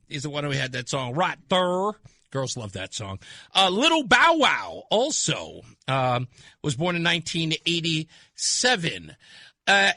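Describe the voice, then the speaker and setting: A male talk radio host riffing excitedly and laughing often between points. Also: fairly high pitch, no echo, clean studio sound. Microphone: studio microphone.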